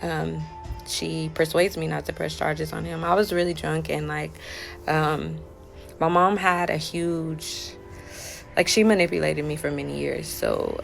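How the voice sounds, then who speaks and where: A woman with a low voice and a gravelly edge tells a personal story in a casual storytime monologue. She talks loosely with plenty of fillers and voices the dialogue of the people she describes. Faint music plays underneath. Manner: conversational, acts out quoted dialogue, many fillers. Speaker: storyteller recounting a personal betrayal.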